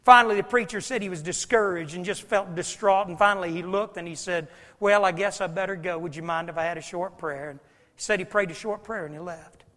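A male preacher delivering a revival sermon and altar call, swinging from shouted climaxes to near whispers. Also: sits high, fairly quick. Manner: swells to shouted climaxes, then drops to a whisper. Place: church sanctuary. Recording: long reverb of a large hall.

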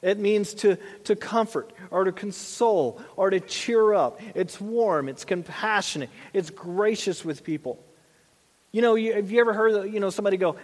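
A man's voice: high voice, normal speed. A man in his thirties preaching a sermon as pastor, in a conversational way with frequent asides and restarts. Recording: long church reverb.

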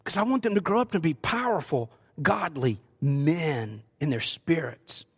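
A man's voice: fairly high pitch, expressive, measured pace, breathy edge. An older man, preaching a sermon as pastor, joking asides with the congregation.

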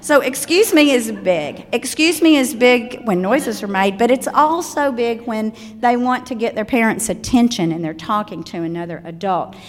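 A woman's voice: on the high side, expressive, normal speed, hardly any pauses. An older woman with a Southern accent, giving a chatty talk to parents on children's manners and telling stories with asides. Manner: chatty, warm storytelling with asides. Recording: long hall reverb.

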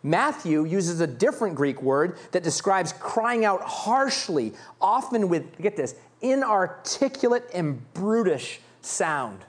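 A man preaching a sermon as pastor, reading scripture and acting out the beggar's cries with animated delivery. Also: high-pitched, takes it slowly, hardly any pauses.

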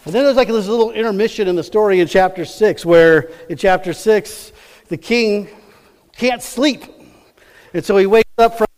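A man's voice: high voice, moderate pace, darkish tone, in a large hall. A man preaching a sermon, retelling a Bible story in a casual, rambling way that often corrects itself. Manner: chatty, rambling, self-correcting.

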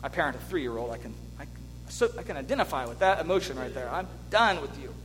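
A man preaching a sermon as pastor, earnest and animated, telling the story with restarts. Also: medium pitch, quick pace. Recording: long hall reverb with faint hum.

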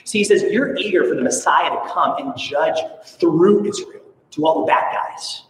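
A male pastor from Alaska preaching a sermon with an animated, playful manner and sarcastic asides. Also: on the high side, normal speed, a little hiss or hum. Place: church sanctuary. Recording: echoey hall, from far off.

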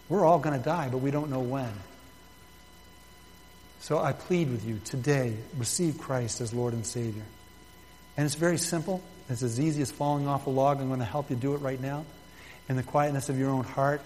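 A man pastor leading a fervent closing prayer in a church, pleading, his voice swelling loud and dropping soft. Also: medium pitch, long reverb tail, a little hiss or hum. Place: church building.

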